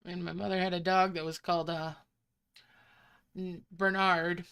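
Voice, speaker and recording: A woman talks her way through a mobile game session, musing aloud as she plays. Her voice is smooth and clear, and she takes her time with every sentence. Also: on the low side, little pitch movement, a little slow, fairly bright tone. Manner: chatty, musing aloud while playing. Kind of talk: casual gameplay commentary. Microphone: desk microphone.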